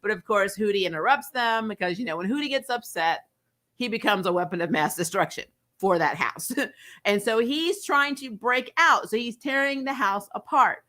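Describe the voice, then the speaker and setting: A woman's voice: mid-range voice, animated, moderate pace, bright, forceful tone. A young adult woman hosting a casual review chat, chatty and full of fillers, laughing often as she retells. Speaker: host.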